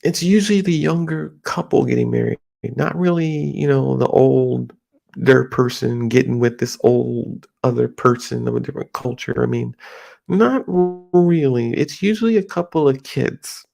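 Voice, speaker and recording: A middle-aged American man talking casually in a rambling, halting monologue with many restarts. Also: mid-range voice, gravelly, a little mellow. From United States.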